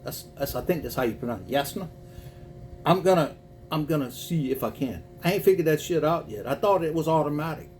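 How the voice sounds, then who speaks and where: A man's voice: a little high, lively intonation, fast talker, a little mellow, a little hiss or hum. A man with a Cajun accent hosting a casual livestream, folksy and chatty, reading viewer messages aloud and calling people boo. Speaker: spiritual reading host. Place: home, packing to move.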